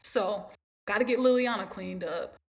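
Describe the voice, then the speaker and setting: A woman's voice: mid-range voice, normal speed, gravelly. A young woman hosting a podcast, telling a long story in a rambling, emotional way and repeating herself. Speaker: podcast host. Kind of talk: casual storytelling monologue.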